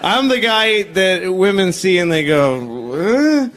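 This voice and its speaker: A man in his forties performing a self-deprecating, deadpan stand-up comedy set on stage. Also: sits high, slow. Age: 40s. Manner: deadpan, self-deprecating, acts out bits in character voices. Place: comedy stage before a live audience. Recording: live set with loud crowd laughter.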